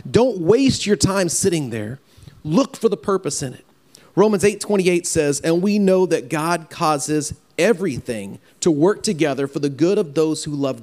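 A man preaching a farewell sermon in an earnest, halting way, often repeating words as he speaks. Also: a little high, darkish tone. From Louisiana. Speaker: pastor.

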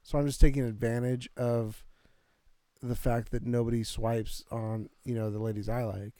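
Mellow, smooth-voiced man chatting casually. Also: medium pitch, level tone, moderate pace, no room sound. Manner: laid-back, laughs often, throat-clearing. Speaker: podcast co-host. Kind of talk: casual chat.

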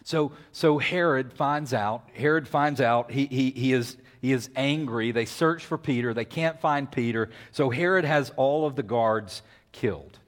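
A man preaching a sermon, telling a Bible story with lively acted-out voices. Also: medium pitch, unhurried, few pauses. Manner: animated storytelling with acted-out voices and whisper-yelling. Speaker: pastor.

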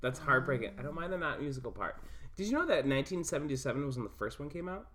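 A woman's voice: very deep voice, expressive, racing, fairly bright tone, slight background noise. A woman co-hosting a podcast in casual, playful chat, joking and slipping into silly accents. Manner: playful, jokey, slips into silly put-on accents. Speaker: podcast co-host.

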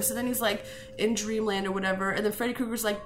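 A woman's voice: fairly high pitch, steady tone, fairly quick, loud music behind the voice. A young woman casually recapping a film plot, giggling, rambling and swearing freely as she goes. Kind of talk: casual chat.

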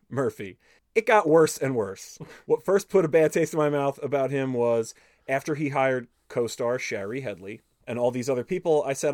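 Animated man reading an interview aloud. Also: medium pitch, no room sound, studio quality. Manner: animated, profane storytelling, switching between reading and commenting. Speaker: podcast host.

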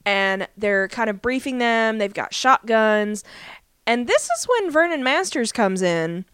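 A woman's voice: fairly high pitch, sing-song, measured pace, a bit bright, clear, resonant tone, dry recording. A woman co-hosting a podcast, casually recapping a TV episode in a chatty storytelling manner with lots of fillers. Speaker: podcast co-host.

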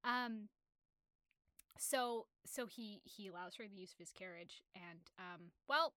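A young woman casually retelling a novel's plot on a podcast, animated and rambling with many fillers. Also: mid-range voice, slow, dry recording, studio quality. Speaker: podcast host.

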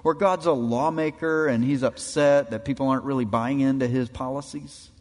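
A man's voice: medium pitch, fairly even intonation, moderate pace, darkish tone, big-room sound. A man preaching a sermon, dramatically acting out the voices in the passages he quotes. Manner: dramatic, acts out quoted voices of God and people.

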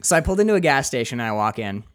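A man's voice: medium pitch, sing-song, racing, no echo, clean studio sound. A young man co-hosting a podcast, telling a story in a casual, profane, self-mocking way. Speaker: podcast co-host. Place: podcast studio.

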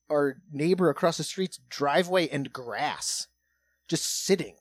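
This is a man hosting a comedy podcast, recorded close with a dry, roomless sound. His voice sits a little high, and he swears freely. He tells his story casually, dropping to a hush and then rising loud again. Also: unhurried, no room sound. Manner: profane, animated, swings between hushed and loud.

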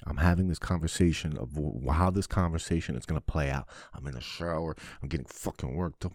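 A man hosting a podcast, talking in a blunt, profane, animated monologue. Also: sits low, moderate pace, dry recording, clean studio sound. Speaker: podcast host. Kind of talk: casual monologue.

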